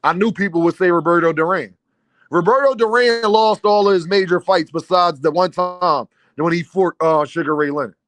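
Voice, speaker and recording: A livestream host with a high voice talks at normal speed into a streaming mic. His casual commentary is emphatic, and he repeats his points straight to the chat.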